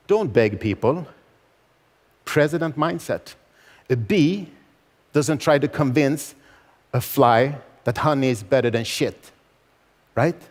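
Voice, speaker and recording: A man's voice: on the high side, darkish tone. A man in his forties giving a motivational stage speech, emphatic and repeating key phrases with rhetorical questions. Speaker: motivational speaker. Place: large event hall. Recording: long hall reverb.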